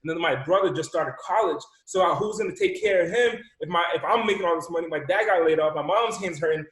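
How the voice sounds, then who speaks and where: A man from Rhode Island, a podcast guest and motivational speaker, telling a personal story with high energy, repeating words and acting out dialogue. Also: fast talker, fairly bright tone. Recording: roomy echo.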